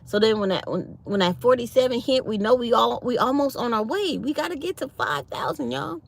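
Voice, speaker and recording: Brief: woman, fifties, channel host, animated storyteller, high voice that swings widely. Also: brisk, vocal fry. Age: 50s. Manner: animated storytelling with acted-out quotes. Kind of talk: casual chat to live viewers.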